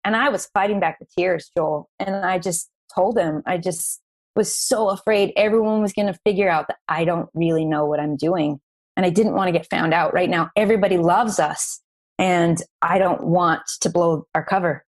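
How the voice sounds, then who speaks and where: A woman guest on a podcast interview, telling a personal business story in an earnest, emotional, animated way. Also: on the low side, normal speed.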